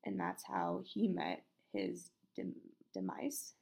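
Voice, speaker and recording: Brief: woman narrator, vocal fry, casual, keeps fumbling words and restarting, raw home-mic read. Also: mid-range voice, normal speed. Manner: stumbles over words, restarts and apologizes; casual and swearing, laughs at herself. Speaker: story narrator. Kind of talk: unedited story reading with outtakes. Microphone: home mic with headphones bumping it.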